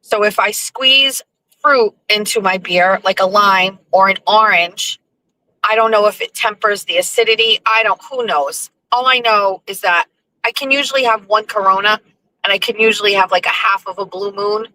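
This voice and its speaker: A woman hosting her show, telling stories in a chatty, animated way. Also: medium pitch, moderate pace, rough recording. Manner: chatty, animated, with lively acted-out quotes. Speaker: host. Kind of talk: casual storytelling monologue.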